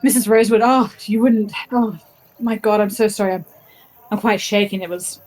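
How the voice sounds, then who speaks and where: A prim, fluttery academic who is all apologies and near fainting, as a woman puts her on. She speaks breathlessly and politely, in a mid-pitched voice. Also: fairly even intonation, normal speed, a little mellow, close to an everyday voice, low-quality recording. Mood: flustered.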